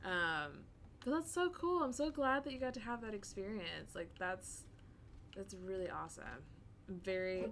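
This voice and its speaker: A woman's voice: medium pitch, animated, normal speed, a bit bright, slight background noise. A woman with a Midwestern American accent tinged with Southern, chatting casually with viewers on a stream, rambling and laughing often. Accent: American Midwestern with some Southern.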